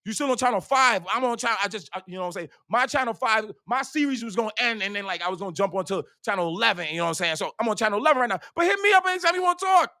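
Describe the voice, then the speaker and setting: High-voiced man ranting in stand-up. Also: rapid-fire, few pauses, no echo, clean studio sound. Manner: profane, rambling, repeats himself; swings between loud bursts and hushed asides. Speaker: stand-up comedian. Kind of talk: stand-up routine.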